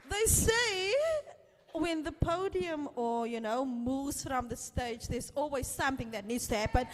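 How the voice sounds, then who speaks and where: A woman's voice: high voice, a little slow. A woman acting as master of ceremonies at a live event, enthusiastically introducing the next speaker. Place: event hall with live audience. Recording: reverberant event hall.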